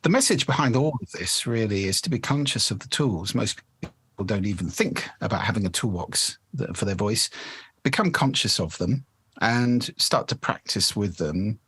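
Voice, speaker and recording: Articulate man with a husky low voice. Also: animated, moderate pace, a bit bright, dry recording. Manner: articulate, explanatory, demonstrates voice effects. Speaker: guest, voice and speaking expert. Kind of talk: podcast interview.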